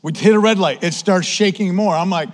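A man with a Western New York accent preaches in a storytelling sermon. His voice sits high for a man. He talks in a casual, animated way and keeps dropping "man" into his sentences as he tells the story. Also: a little fast. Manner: animated, conversational, says "man" often. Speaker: pastor.

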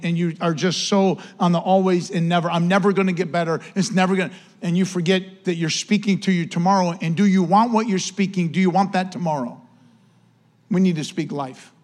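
Fervent high-voiced pastor. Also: male voice, darkish tone. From United States. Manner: fervent, repetitive prayer with rising emphasis. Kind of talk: sermon.

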